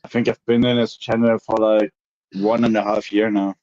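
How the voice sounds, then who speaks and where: A man's voice: fairly low pitch, little pitch movement, normal speed, warm tone. Hesitant man on a dull lo-fi mic. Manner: hesitant, correcting himself. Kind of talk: casual chat.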